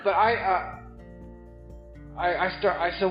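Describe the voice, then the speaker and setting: A man's voice: high voice, steady tone, a little slow. A man telling his recovery story with wry, self-mocking humor, acting out the people he meets. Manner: wry, self-mocking, acts out other voices. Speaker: recovery meeting speaker. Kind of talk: comedic storytelling talk. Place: meeting hall with live audience. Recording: roomy, muffled hall recording with music.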